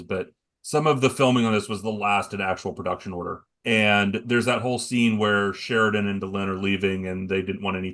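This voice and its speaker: A man with a somewhat low voice talks at a steady, measured pace on a podcast panel. He informs rather than performs, and drops the odd "uh" as he goes. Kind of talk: casual podcast chat.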